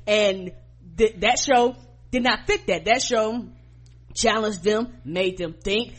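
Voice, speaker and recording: A woman's voice: mid-range voice, slow, slightly rough. A woman co-hosting a podcast in casual commentary, speaking bluntly and passionately with profanity. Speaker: podcast co-host.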